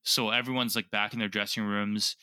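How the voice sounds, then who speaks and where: A man's voice: fairly low pitch, little pitch movement, a little fast, pushed and bright, clean tone, dry recording. A man co-hosting a podcast, retelling events step by step in casual chat. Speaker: podcast co-host.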